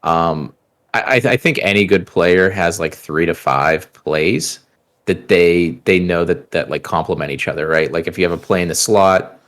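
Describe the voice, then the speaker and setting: Deep-voiced man reading listener questions. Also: normal speed, a bit bright. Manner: reads listener questions, loose and chatty. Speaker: podcast co-host. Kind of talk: casual chat.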